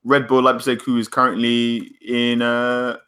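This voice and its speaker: A man co-hosting a casual football podcast, animated and quick to argue, laughing often. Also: medium pitch, clean tone. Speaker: podcast co-host. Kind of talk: casual chat.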